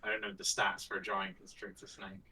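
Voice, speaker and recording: A man's voice: sits low, completely flat delivery, fairly quick, sharp tone, husky, rough recording. A man playing a tabletop game, checking the rules aloud with a dry wit. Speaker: player. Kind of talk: casual tabletop game chat.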